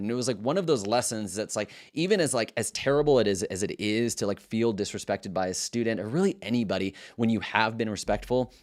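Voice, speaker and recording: A male middle school teacher shares classroom stories in a relaxed, reflective way. His voice sits on the low side, and he trips over his words and restarts them as he thinks aloud. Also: fast, few pauses. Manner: earnest and reflective, loose with many restarts. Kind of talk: casual storytelling to camera.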